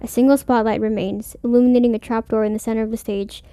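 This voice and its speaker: A woman's voice: a little high, little pitch movement, fast talker, dark tone, a little hiss or hum. Playful young woman gaming streamer. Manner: playful, reactive, swears and laughs. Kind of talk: let's play, reading game text aloud.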